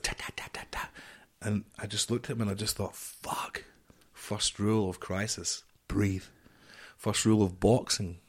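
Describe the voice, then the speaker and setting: A middle-aged man, a podcast guest, telling a story in an animated, swearing way and acting out the dialogue. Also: lowish voice. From United Kingdom.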